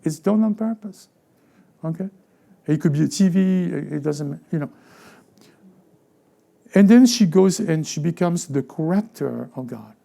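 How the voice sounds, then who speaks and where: A male pastor delivers a conversational sermon in a raised, gravelly voice with a dark, mellow tone. He stumbles and restarts often, repeating words as he goes. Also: a little high, animated. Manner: halting, with frequent stammered restarts and repeated words; conversational preaching, acting out everyday voices. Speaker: lead pastor.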